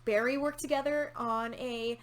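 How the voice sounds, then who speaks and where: A woman's voice: a little high, steady tone, moderate pace. A woman hosting a casual TV episode reaction, candid and opinionated, swearing casually as she talks. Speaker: reaction channel host.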